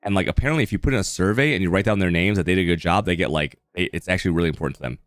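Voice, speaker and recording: A man's voice: low-pitched, racing, no echo, studio quality. A man, a live streamer, telling a casual story on stream in a rambling way, with constant restarts and fillers like "dude".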